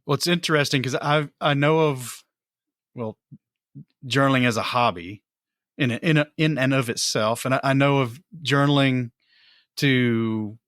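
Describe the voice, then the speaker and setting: A male podcast host in a relaxed chat, feeling his way through his thoughts with frequent restarts. His voice sits at an average pitch and sounds close and dry. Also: moderate pace, dry recording. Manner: hesitant, thinks aloud with many restarts. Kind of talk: casual podcast conversation.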